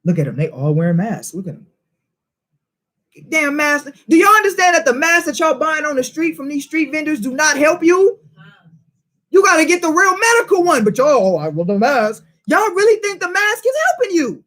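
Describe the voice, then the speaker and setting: A man's voice: extremely high pitch, big pitch swings, normal speed, fairly bright tone. A man teaching a Bible study in informal preaching style, emphatic and full of rhetorical questions and street slang.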